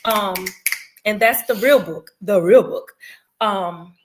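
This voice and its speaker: A woman's voice: mid-range voice, takes it slowly, noisy background. A woman in her forties, co-hosting a podcast in casual, candid and emphatic chat. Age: 40s. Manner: candid, emphatic, preachy at times. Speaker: podcast co-host.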